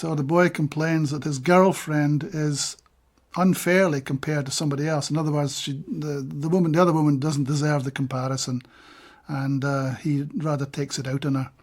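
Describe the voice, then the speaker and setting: Man, Scottish accent, poetry reading, measured and deliberate, fairly high voice. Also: fairly even intonation. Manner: measured, deliberate reading with brief plain-spoken asides. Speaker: poet reading his own translations.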